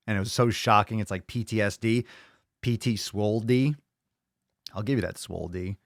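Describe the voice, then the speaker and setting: A man's voice: on the low side, moderate pace, no echo, clean studio sound. A man hosting a live fitness podcast stream, chatting loosely with viewers, joking, swearing and rambling. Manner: loud, joking, profane, rambling. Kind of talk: casual live-stream chat.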